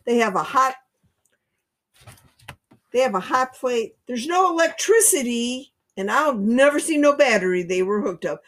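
A woman's voice: a little high, animated, unhurried, a bit bright. A woman in casual chat, bluntly mocking and complaining about a movie. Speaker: podcast co-host.

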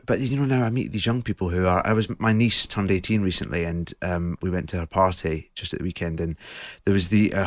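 A man's voice: low-pitched, no echo. A man with a Glaswegian Scottish accent, a guest actor on a studio radio interview, telling stories in a chatty way with fillers. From Scotland, Glasgow. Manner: chatty storytelling with laughs and fillers.

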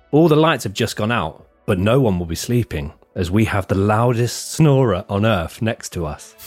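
A man hosting a podcast in casual chat, reading reviews aloud in a lively, jokey way. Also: on the low side, no room sound. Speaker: podcast host.

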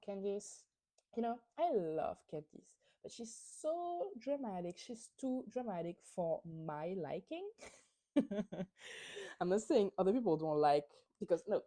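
A woman's voice: fairly low pitch, very animated, a little slow, mellow. A woman hosting a podcast, recapping a reality show in a casual, opinionated, gossipy way with lots of fillers. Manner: opinionated and chatty, with many fillers. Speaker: podcast host.

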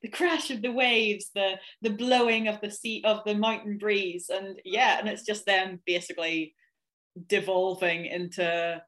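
A woman's voice: mid-range voice, steady tone, measured pace, a bit bright. Self-mocking woman, a novelist guest. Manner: self-deprecating, many fillers. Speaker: author guest. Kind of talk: casual chat.

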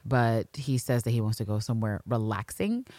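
A woman co-hosting a podcast, recapping a drama episode in quick, animated, profane casual chat. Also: a bass voice, no room sound. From New York City. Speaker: podcast co-host.

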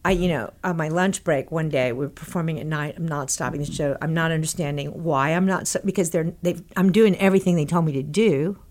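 A middle-aged woman from Texas, a guest telling a long anecdote in animated bursts, quoting people as she goes. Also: low-pitched, fairly quick, hardly any pauses. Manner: animated, breathless anecdote-telling with quoted dialogue. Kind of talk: conversational storytelling.

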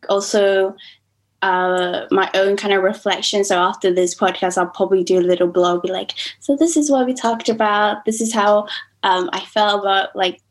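On a low-quality recording, a student in her twenties with a slight American accent and a medium-pitched voice chats casually as a podcast guest. She often quotes herself and laughs easily.

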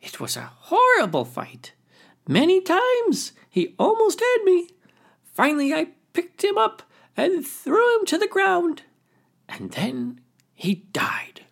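A man voicing a small male crayfish in a storybook tale, with a high, squeaky voice that turns from timid to bragging. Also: wildly swooping pitch, unhurried, exaggerated voice. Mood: boastful.

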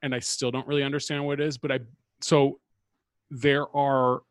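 A man's voice: medium pitch, flat delivery, normal speed, no echo, studio quality. A man co-hosting a casual chat, talking in a wry, chatty way full of hedges and fillers. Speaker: podcast co-host.

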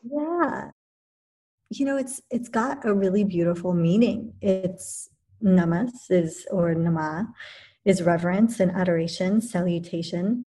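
A woman who teaches yoga, talking thoughtfully in a relaxed conversation, pausing and restarting as she works through her points. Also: lowish voice. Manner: thoughtful, many restarts and fillers. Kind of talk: reflective conversational talk.

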